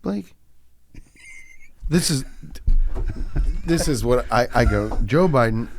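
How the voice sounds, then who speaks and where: A man co-hosting a casual comedy podcast, his voice rising and falling with lively swings. He rambles and trails off, swears freely and breaks into laughter between thoughts. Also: medium pitch, slow pace. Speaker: podcast co-host.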